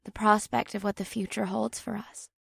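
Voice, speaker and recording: Man doing a quiet solemn otherworldly woman. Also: sits high, little pitch movement, normal speed, creaky, slightly rough, dry recording, studio quality, pitched above the performer's own voice, exaggerated voice. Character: solemn silver-haired woman of an otherworldly folk.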